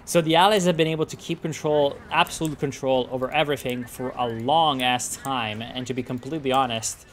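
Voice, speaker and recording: A man casting a strategy game in casual, excitable commentary, swearing and ranting at the players. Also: mid-range voice, fairly quick, a little hiss or hum. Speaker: game caster.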